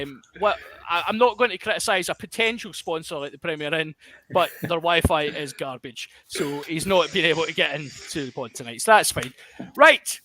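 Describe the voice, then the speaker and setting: A man's voice: fairly high pitch, pushed and bright, no echo. A Glaswegian man hosting a podcast in casual chat, jokey and self-mocking. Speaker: podcast host.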